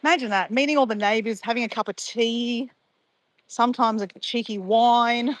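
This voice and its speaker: A woman's voice: a little high, fairly even intonation, normal speed, no echo. A woman, chatting casually and playfully with live viewers in a bubbly, laughing way.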